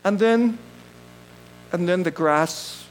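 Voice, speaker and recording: A male pastor delivers a sermon in a high, bright-sounding voice. He jokes with the congregation, laughs easily and moves from excited outbursts to soft, low asides. A faint hum sits under the recording. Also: takes it slowly, poor audio. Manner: animated and jokey, laughs often, swings from loud bursts to quiet asides.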